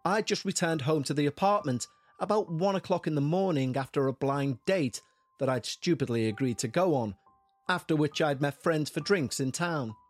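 A man reads a first-person horror account in a fairly high voice, with soft music running underneath. His delivery stays tense and measured, and his pitch climbs when the story grows frightening. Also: dry recording. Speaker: narrator. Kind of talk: scripted horror narration.

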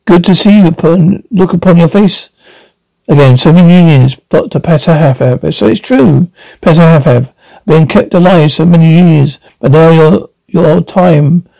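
A man voicing a frail, ancient abbot who speaks in halting, broken phrases. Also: on the high side, vocal fry, mellow, no room sound, poor audio. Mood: pleading. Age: older. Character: frail ancient male abbot, weary and urgent.

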